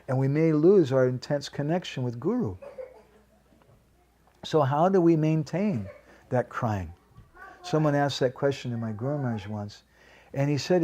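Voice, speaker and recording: A man's voice: medium pitch, mellow, a little hiss or hum. A man giving a devotional lecture at a home program, telling a story and asking the audience questions.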